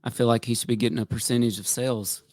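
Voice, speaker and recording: A man's voice: mid-range voice, level tone, quick pace, a little mellow, no room sound. Chatty male podcast host. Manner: chatty, promotional. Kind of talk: casual podcast chat.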